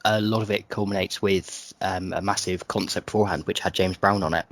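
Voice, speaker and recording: Husky man, jokey podcast host. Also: low-pitched, steady tone, fairly quick, no room sound. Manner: jokey, self-mocking, laughs often. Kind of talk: casual chat.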